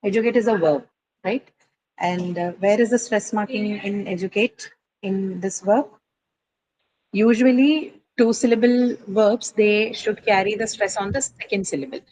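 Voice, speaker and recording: A woman's voice: mid-range voice, unhurried, a little mellow, slight background noise, low-quality recording. A woman teaching English word stress in a classroom lecture, explaining patiently, asking students questions and often checking with "right?".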